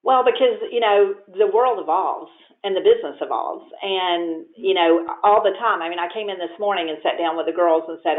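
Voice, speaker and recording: A woman guest on a webinar talks through her real estate business in a lively, chatty way, with plenty of fillers. Her voice comes through thin and narrow like a phone line. There is noticeable echo from the room around her. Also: on the low side, moderate pace. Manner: lively storyteller, many fillers. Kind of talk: conversational webinar interview. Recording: tinny phone-like echoey audio.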